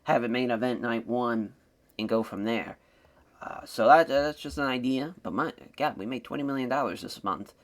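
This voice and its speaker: A man hosting a wrestling-sim let's-play channel, giving casual, rambling commentary on his game. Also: normal speed. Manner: rambling and conversational, with lively swings in pitch.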